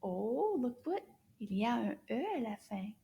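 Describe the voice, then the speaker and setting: Woman, kids' French lesson, high voice, mellow tone, slow repeated words, whispery asides. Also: very animated, vocal fry. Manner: puppet-style play with a pineapple friend. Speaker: French teacher for children.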